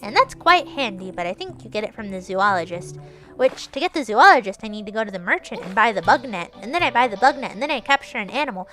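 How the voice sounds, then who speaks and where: A high, bright woman chatting her way through a game, playful and rambly, narrating each move and now and then teasing in a mock-scolding tone. Faint game music plays behind her. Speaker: gaming streamer. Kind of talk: casual gameplay commentary.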